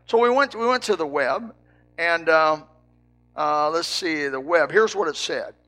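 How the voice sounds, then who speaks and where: An older man, a preacher from Indiana, telling a folksy story with lively quoted dialogue. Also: a little high, a little slow. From Indiana, United States. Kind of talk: storytelling sermon.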